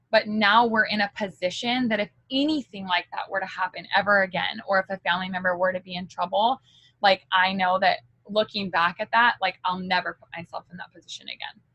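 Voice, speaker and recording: A woman's voice: mid-range voice, pushed and bright, no echo, low-quality recording. A woman giving a candid motivational talk as a direct-sales team leader, chatty and full of fillers.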